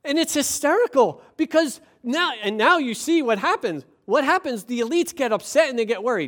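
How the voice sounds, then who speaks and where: Preacher talking casually to the congregation, lots of quick questions, animated and chatty. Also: high voice. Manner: lively, conversational, rhetorical questions. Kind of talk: sermon.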